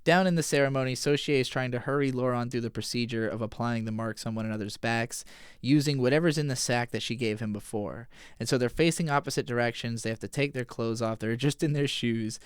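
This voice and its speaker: Man, smooth clear voice, dry close sound, casual anime recap, loose and a bit profane. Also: mid-range voice, dry recording. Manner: casual, profane, retells scenes with quick paraphrased dialogue. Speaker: anime podcast host. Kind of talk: casual episode recap and analysis.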